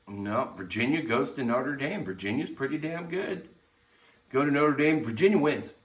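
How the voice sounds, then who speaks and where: A man's voice: medium pitch, a bit bright. A man hosting a casual sports podcast from his garage, brash and blunt, swearing freely as he runs through teams and picks. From United States. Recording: echoey garage, mic at a distance.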